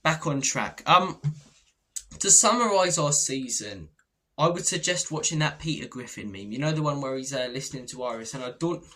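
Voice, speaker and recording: Chatty football fan reviewing a season. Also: male voice, mid-range voice, fast, few pauses, fairly bright tone. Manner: chatty, wry and opinionated, with mocking asides. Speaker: football fan channel host. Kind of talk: casual season review monologue.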